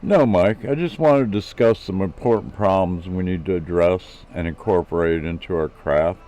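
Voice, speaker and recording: A man's voice: deep voice, normal speed, mellow, highs cut off, natural voice. A man reading as an eager inventor friend with Aussie slang. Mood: earnest. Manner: explains technical plans at length.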